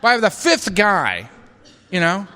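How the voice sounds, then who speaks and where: Middle-aged guy giving a talk at a recovery meeting, bright punchy voice, big echoey hall. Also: high voice, slow pace. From United States. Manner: storytelling, animated, self-mocking humor. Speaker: AA speaker. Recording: hall reverb, live talk recording.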